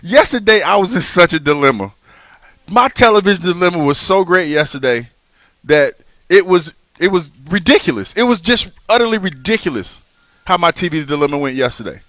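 Animated man on sports radio, close dry mic. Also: sits high, fairly quick, no room sound. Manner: animated storyteller who repeats and restarts phrases. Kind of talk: casual sports radio banter. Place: live remote broadcast at a racetrack. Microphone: broadcast microphone.

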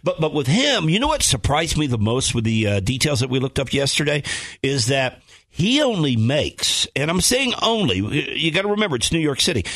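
A man's voice: medium pitch, fairly bright tone, no echo. A man co-hosting a casual gossip chat, making wry, teasing jokes.

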